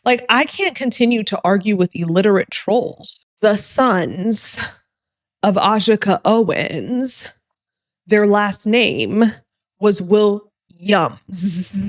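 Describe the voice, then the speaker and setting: A woman lawyer giving reaction commentary on a true crime interview, blunt, sarcastic and emphatic. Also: mid-range voice.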